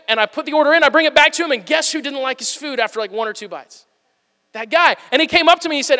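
A man in his thirties preaching a sermon, telling personal stories and acting out the dialogue in them with lively voices. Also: extremely high pitch, racing. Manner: animated storyteller acting out dialogue. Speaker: pastor. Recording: long reverb of a large hall.

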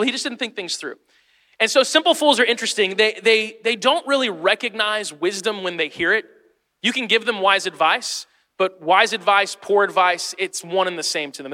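A man in his forties preaches with a high, bright, ringing voice. He jokes and calls out to his congregation as he teaches. The sound carries a long reverb from a church hall. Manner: lively, joking, talks straight to the congregation. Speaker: pastor. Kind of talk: sermon.

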